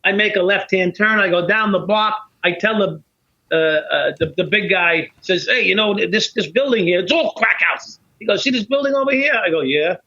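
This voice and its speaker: New guy, middle-aged, cursing a lot, bright edgy voice, acts out the dialogue. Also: high voice, moderate pace. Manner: animated, profane, acts out both sides of dialogue. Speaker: podcast guest, former police officer. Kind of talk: casual storytelling in conversation. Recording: dull lo-fi podcast audio.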